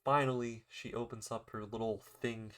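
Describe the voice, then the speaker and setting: A man's voice: medium pitch, fairly even intonation, moderate pace, fairly bright tone. A young man casually recapping an anime episode, rambling with lots of fillers and acting out the characters' lines. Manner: rambling, filler-heavy retelling with acted-out quotes.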